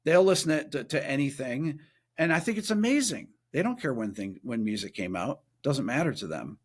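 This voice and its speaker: A man, a guest musician and producer, telling a story casually in a podcast interview and acting out quoted voices in a higher pitch. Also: sing-song, brisk, slightly rough.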